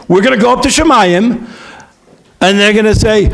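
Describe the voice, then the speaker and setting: A man, a rabbi, talking to yeshiva students in a lively, conversational way, acting out bits of dialogue and checking in with his listeners. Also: sits high, normal speed, creaky, long pauses. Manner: lively, acts out dialogue in different voices. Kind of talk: animated talk to a student audience.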